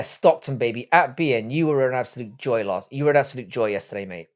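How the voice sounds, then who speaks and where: A middle-aged man with a posh English accent, hosting a casual live stream with rambling, sweary chat. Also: medium pitch. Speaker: livestream host.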